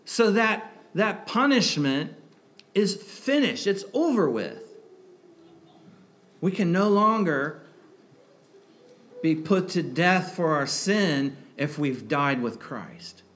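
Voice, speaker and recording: A man's voice: a little high, animated, takes it slowly, pauses often, fairly bright tone. A man preaching a sermon in a conversational way, asking rhetorical questions and breaking into emphatic outbursts. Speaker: pastor.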